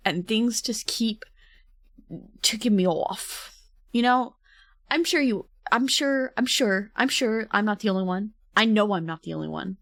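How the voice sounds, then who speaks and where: A woman's voice: mid-range voice, slow pace, long pauses, fairly bright tone, no room sound, clean studio sound. A woman streamer chatting casually with viewers, rambling and laughing often. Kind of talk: casual livestream chat.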